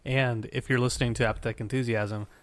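A man's voice: mid-range voice, fairly even intonation, fast talker, dry recording. A man hosting a podcast, bantering easily with his guest, laughing often and reading out contact details. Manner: laughing, easygoing sign-off banter. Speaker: podcast host. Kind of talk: casual podcast chat.

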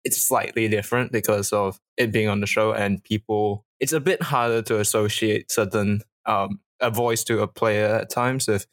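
A man co-hosting a podcast, talking casually in a halting way with restarts and fillers. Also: on the low side, steady tone. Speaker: podcast co-host. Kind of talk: casual chat.

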